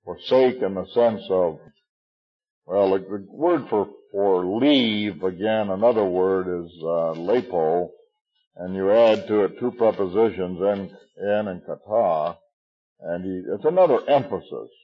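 A man in his sixties talks through a passage in a relaxed Bible study. His voice sits very low and sounds husky, and he halts often with fillers and chuckles at his own quips. The recording is dull and lo-fi. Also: unhurried. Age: 60s. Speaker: Bible teacher.

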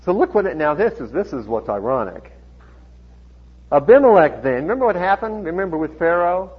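A man delivers an expository sermon in a chatty, lively way, breaking off for small laughs and asides. His somewhat high voice is a little husky and swings widely in pitch. The recording sounds dull and lo-fi. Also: brisk. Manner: conversational, chuckling asides, animated when reading dialogue. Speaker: pastor. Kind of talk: sermon, expository Bible teaching.

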